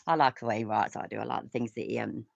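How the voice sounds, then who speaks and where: A woman's voice: a bass voice, racing, vocal fry, no room sound, dull audio. An English woman hosting a casual reaction show, rambling, swearing often and laughing a lot. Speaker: host.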